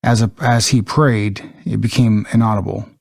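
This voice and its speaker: A man co-hosting a podcast, reading out a transcript in a halting, hesitant way. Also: fairly low pitch, steady tone, creaky, a little mellow, no echo, clean studio sound. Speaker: podcast co-host.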